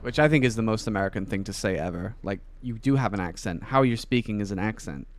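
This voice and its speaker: A game streamer with a lowish, expressive voice talks fast while playing a video game. His casual chat rambles, full of fillers and restarts.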